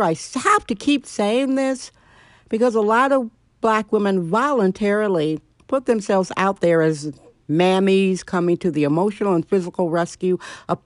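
A woman's voice: mid-range voice, no room sound, studio quality. A middle-aged woman hosting her own show, ranting bluntly and sarcastically at home. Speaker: podcast host. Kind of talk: opinionated solo monologue.

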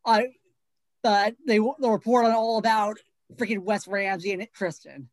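Woman co-host, blunt and swearing, dry close sound, mid pitch. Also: fairly even intonation, a little mellow, dry recording. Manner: blunt, profane, fast bursts. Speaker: podcast co-host. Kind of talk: casual chat.

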